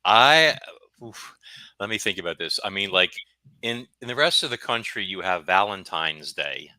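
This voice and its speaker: A man's voice: fairly low pitch, expressive, normal speed, bright, forceful tone, no room sound, poor audio. A man with a Brooklyn accent, a guest author chatting and telling stories animatedly, often stammering and repeating words. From Brooklyn, New York. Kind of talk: casual storytelling chat.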